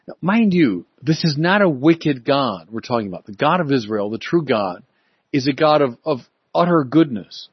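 Husky-voiced man preaching emphatically. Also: medium pitch, very animated, no echo, muffled recording. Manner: emphatic, rising for stress and slowing on key words. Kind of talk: sermon.

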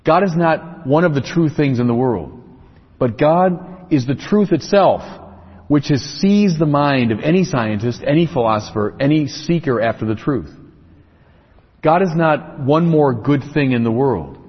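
Husky-voiced man lecturing in an echoey hall. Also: mid-range voice. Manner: explanatory, builds points in lists and rhetorical questions. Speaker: speaker on religion. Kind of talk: lecture-style religious talk. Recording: echoey, dull lo-fi recording.

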